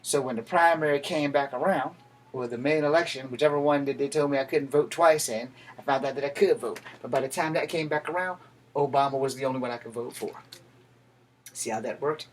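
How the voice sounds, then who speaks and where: Blunt, heated man in his thirties; profane vlog rant, mid-pitched voice, faint noise behind. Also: a little fast. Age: 30s. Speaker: veteran. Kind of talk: political rant to camera.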